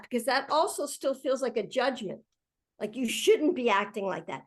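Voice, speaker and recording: A woman's voice: high-pitched, animated, a little slow. A woman in an earnest conversational discussion, often acting out example phrases as she explains.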